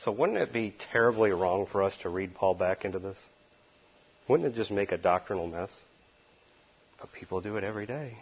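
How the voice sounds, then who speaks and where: A man's voice: lowish voice, brisk, long pauses, slightly rough, dull audio. A man preaching through a Bible passage in an emphatic, folksy way, with wry asides. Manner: emphatic, folksy, sometimes laughs at his own asides. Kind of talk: expository Bible teaching.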